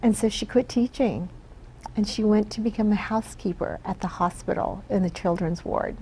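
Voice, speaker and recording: A woman from the Philippines speaks as an interview guest, earnest and reflective, often checking in with "right?". Her voice is dark and gravelly. A faint hiss of noise sits behind her. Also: medium pitch, moderate pace, low-quality recording. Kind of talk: casual interview talk.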